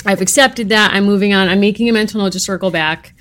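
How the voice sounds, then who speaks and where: A woman's voice: medium pitch, quick pace, a bit bright. A woman co-hosting a podcast in casual chat, wry and dramatically exasperated as she picks apart a book. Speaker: podcast co-host.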